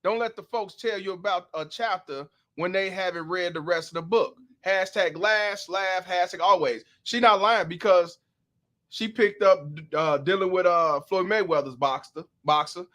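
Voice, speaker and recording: Guy hosting a stream, kinda high voice, cussing and preaching at his viewers. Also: sharp tone. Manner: profane, drawn-out, preachy slang. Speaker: host. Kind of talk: livestream commentary.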